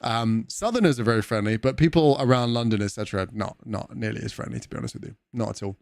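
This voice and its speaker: A man's voice: medium pitch, fast talker, vocal fry, darkish tone, no echo, clean studio sound. A man chatting casually with viewers on a game livestream, rambling, swearing and laughing easily. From Wales. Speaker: gaming streamer.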